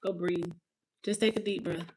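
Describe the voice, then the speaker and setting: A woman's voice: on the low side, fairly even intonation, normal speed, heavy background noise. A woman tarot reader on an emotional live stream, talking to her viewers, repeating herself and close to tears. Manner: spiritual, ends with a prayer.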